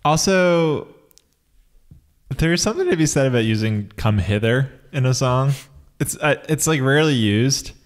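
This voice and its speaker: A man's voice: mid-range voice, animated, normal speed, pauses often. A man co-hosting a comedy podcast in casual chat, wry and riffing, with profane asides and mock voices. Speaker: podcast co-host.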